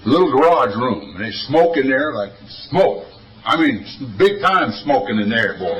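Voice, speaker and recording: A man's voice: medium pitch, very animated, moderate pace, fairly bright tone, reverberant, far from the mic, rough recording. An older man speaking at a recovery meeting, telling stories in a folksy, wisecracking way. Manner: folksy, wisecracking, drawling storyteller. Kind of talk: storytelling talk at a recovery meeting.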